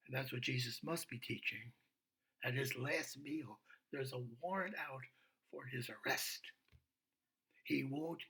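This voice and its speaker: An older man, a priest, retelling a story in a video reflection, animated and dropping to a hushed whisper for emphasis. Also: mid-range voice, moderate pace. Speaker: Episcopal priest.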